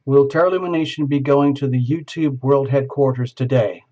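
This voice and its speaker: A man with a mid-pitched, dark and mellow voice talks a single viewer through a tarot reading, improvising as he goes. His voice sits in the middle of the range. The sound is dull and lo-fi, like a home camera mic. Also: steady tone, a little fast. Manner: improvising, talking step by step to the viewer. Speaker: tarot reader. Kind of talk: live video reading to a viewer.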